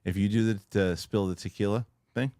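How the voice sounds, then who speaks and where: Low, dry-voiced male host riffing. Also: a little fast, no room sound. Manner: rambling, animated, loose with restarts. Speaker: show host. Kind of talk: casual news-reaction chat.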